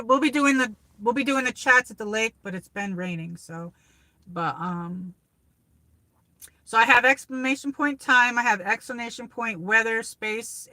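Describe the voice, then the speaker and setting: Woman, New York accent, casual livestream host, rambling chatter, bright voice, dry close sound. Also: medium pitch, no room sound. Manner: rambling, chatty, reads viewer comments aloud. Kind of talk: casual live chat with viewers. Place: car on a drive.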